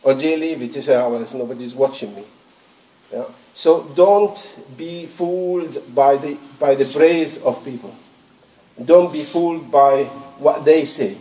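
A man's voice: a little high, measured pace, dark tone. Man preaching in an echoey mosque. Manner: conversational, repeats words, quotes scripture in recited Arabic. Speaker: imam. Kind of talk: Friday sermon. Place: mosque prayer hall. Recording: echoey, distant room recording.

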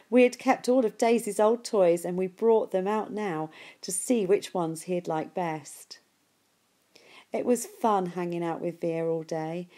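A woman reading a novel aloud in a steady, unhurried storytelling manner. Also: medium pitch. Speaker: reader.

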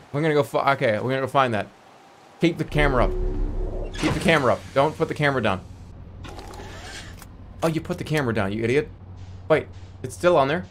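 A man streaming a video game, giving excitable live commentary that jumps into yelps and rapid repeats. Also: on the high side, slight background noise.

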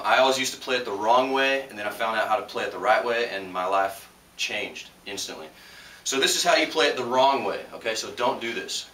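A man's voice: mid-range voice, pushed and bright. A young man teaching a casual drum lesson in a loose, chatty way, with fillers and restarts. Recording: roomy echo, distant mic, noisy.

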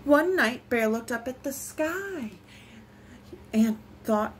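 High-voiced woman reading a picture book. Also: slow, slight background noise. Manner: expressive, lilting. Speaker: storytime reader. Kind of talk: reading picture books aloud.

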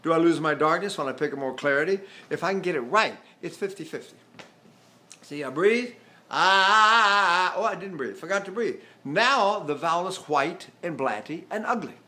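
A man's voice: fairly high pitch, animated, a little fast, bright, forceful tone. A man in his seventies teaching vocal technique, explaining through examples and questions. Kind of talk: vocal technique lesson with sung demonstrations.

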